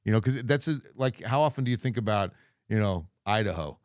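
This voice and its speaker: Lively low-voiced man telling stories. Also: fairly quick, smooth, dry recording, clean studio sound. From New Jersey. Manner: lively storyteller, acts out quoted people. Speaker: TV meteorologist guest. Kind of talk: casual podcast conversation.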